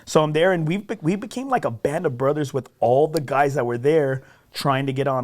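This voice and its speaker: Telling a golf tale on a podcast, this man speaks at medium pitch, a little fast and with few pauses. He keeps it casual and animated, jokes at his own expense, and often asks "right?".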